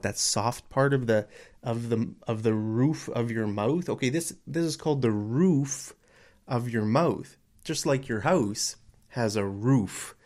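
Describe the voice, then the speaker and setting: A man with a North American accent teaches an English lesson from home in a loose, chatty way. He gets excitable and often restarts his sentences, and his voice sits in an ordinary middle pitch. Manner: chatty, excitable, explains with many fillers and restarts. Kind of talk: casual online lesson.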